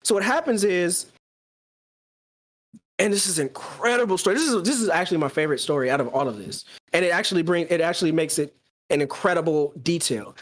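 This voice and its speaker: A podcast co-host talking casually, excitedly retelling a story and acting out the quoted lines. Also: male voice, high voice, a little fast. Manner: excited, acts out quoted dialogue.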